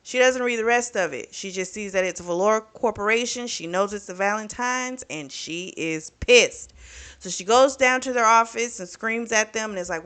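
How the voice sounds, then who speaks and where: Chatty, bright-voiced woman reviewing a book. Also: a little high, brisk, smooth. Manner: chatty, profane, animated retelling with lots of fillers. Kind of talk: casual book recap.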